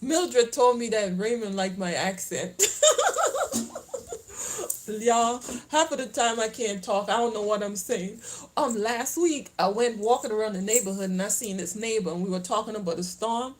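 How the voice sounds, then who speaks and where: A woman's voice: mid-range voice, moderate pace, low-quality recording. A middle-aged woman from the Caribbean islands with a Caribbean accent mixed with Southern US, chatting casually to her viewers outdoors in a rambling way and laughing often. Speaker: lifestyle vlogger. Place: outdoors, then heading home.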